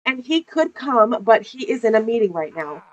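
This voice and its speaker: A woman's voice: on the high side, very animated, moderate pace, muffled recording. Chatty, foul-mouthed woman gamer. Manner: profane, laughs often, chatty. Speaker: gameplay narrator. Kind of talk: casual game commentary.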